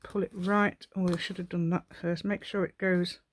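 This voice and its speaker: Speaking at normal speed in a low, flat voice, this woman hosts a craft channel. She guides viewers step by step, rambling and giggling in asides to herself and to them.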